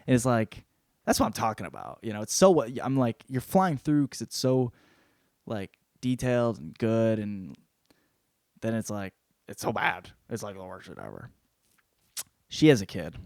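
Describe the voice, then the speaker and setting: Young man, casual book recap, heavy swearing, animated, dry room. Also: lowish voice, vocal fry, no echo. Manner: swears constantly, animated retelling with quick voice switches. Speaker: podcast host reviewing a book.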